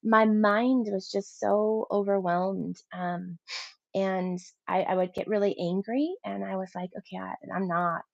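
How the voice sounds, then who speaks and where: Woman in her thirties, gravelly edge, animated personal testimony, dry dull lo-fi sound. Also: mid-range voice, unhurried, dry recording. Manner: animated storytelling, voicing her own past thoughts. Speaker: interview guest.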